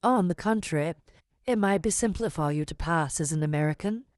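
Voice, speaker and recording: An unctuous, scheming middle-aged gentleman, as a woman reading the audiobook puts him on, measured and persuasive in every word. His voice sits low, and the recording is close and dry with no room sound. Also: dry recording, lightly acted. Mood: smooth persuasive. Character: large smooth-talking scheming middle-aged man.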